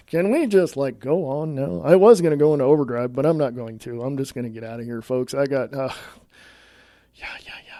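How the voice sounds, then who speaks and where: A man's voice: medium pitch, animated, brisk, mellow, no room sound, studio quality. A man hosting his own podcast, talking bluntly in a scolding, sarcastic monologue. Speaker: podcast host.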